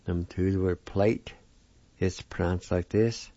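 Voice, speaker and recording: A man's voice: deep voice, steady tone, dark tone, no room sound, dull audio. A man giving a weekly radio language lesson, spelling out each word carefully and repeating it. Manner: slow, careful spelling and repetition of words.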